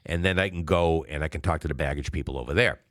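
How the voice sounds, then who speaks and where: A man's voice: a bass voice, quick pace, a bit bright, no room sound, clean studio sound. A middle-aged man co-hosting a podcast, telling a long, rambling anecdote in casual chat. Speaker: podcast co-host.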